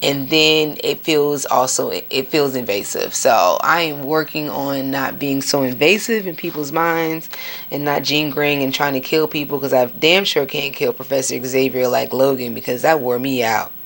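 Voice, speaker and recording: A woman hosting her podcast, talking casually and candidly, swearing freely and breaking into sudden high outbursts. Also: normal speed, vocal fry, a bit bright, a little hiss or hum. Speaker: podcast host. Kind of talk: casual spiritual monologue.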